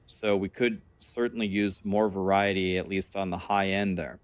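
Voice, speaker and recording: A man commenting on gameplay in an explanatory, measured way, a little hoarse as he says he is losing his voice. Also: low voice, level tone, no echo. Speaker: game video narrator.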